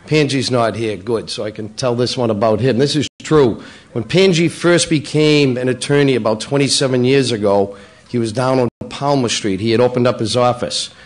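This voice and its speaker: Brief: middle-aged man roasting local officials, playful, jokey, mid-pitched, in a banquet room. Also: normal speed. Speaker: local politician speaking at a breakfast. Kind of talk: roast-style joke telling. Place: banquet room at a public breakfast.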